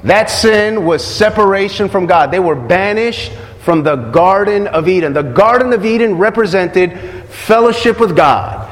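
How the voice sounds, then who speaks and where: A sermon comes from a man whose high voice echoes at length through a hall. He's unhurried yet barely pauses, asking the congregation questions and repeating his key phrases.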